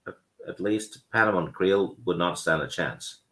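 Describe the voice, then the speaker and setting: Man, very deep voice, casual book chat, hesitant, halting. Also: expressive, fairly bright tone. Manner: hesitant, halting, lots of fillers. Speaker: discussion guest.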